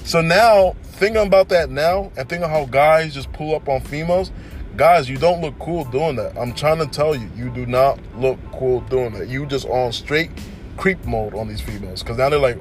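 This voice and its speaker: A young man hosting a casual solo podcast, telling stories in an animated way and often saying "you know what I'm saying". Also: fairly high pitch, moderate pace, faint music behind. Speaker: podcast host.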